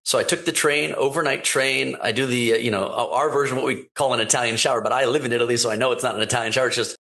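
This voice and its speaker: Male podcast guest, mid-pitched voice, animated storyteller who voices the people in his anecdotes. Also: rapid-fire, gravelly. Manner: animated anecdote-telling, acting out quoted dialogue. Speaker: wine importer and company founder, podcast guest. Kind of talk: casual storytelling interview.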